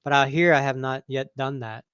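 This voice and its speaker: A man's voice: mid-range voice, fairly even intonation, a little fast, a bit bright, clean tone, no echo, muffled recording. A man chatting casually about motorcycle trips on a livestream, rambling and laughing often. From California. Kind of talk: casual chat.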